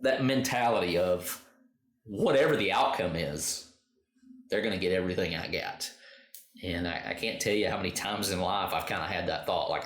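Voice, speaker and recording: Deep-voiced guy chatting earnestly, stumbles and restarts, roomy echo. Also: normal speed. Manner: earnest, animated when quoting, with repeated restarts. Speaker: podcast co-host. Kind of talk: casual chat.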